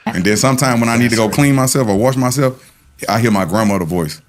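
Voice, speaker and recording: A man's voice: medium pitch, quick pace. A man in a casual chat, boastful and playful, tossing in rhyming lines. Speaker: guest in a played clip.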